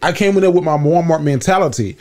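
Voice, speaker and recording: A man's voice: on the high side, lively intonation, fast, warm tone. A man co-hosting a comedy podcast, telling stories in a laid-back way and acting out other people's lines. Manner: laid-back storytelling, acts out voices of others. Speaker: podcast co-host. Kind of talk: casual comedy podcast chat.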